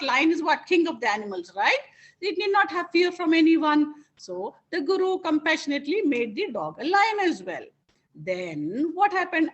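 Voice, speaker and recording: A woman's voice: high-pitched, fairly bright tone, rough recording. A woman teacher telling a fable to a class and often asking her listeners questions. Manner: interactive, asks the listeners many questions. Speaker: spiritual teacher. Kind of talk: storytelling to a class.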